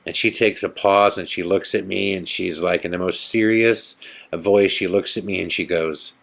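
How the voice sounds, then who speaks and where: A man's voice: sits low, normal speed, gravelly. A man hosting a podcast, telling a story casually and acting out the people he quotes. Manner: animated, acts out the people he quotes; loose, conversational with fillers like "you know" and "man". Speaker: podcast host.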